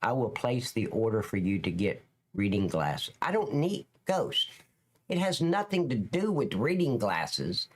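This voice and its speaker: A man's voice: medium pitch, big pitch swings, unhurried. A man with a Southern Alabama accent, hosting a livestream in a joking, rambling way and talking to his chat viewers by name. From lower Alabama, US. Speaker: livestream host.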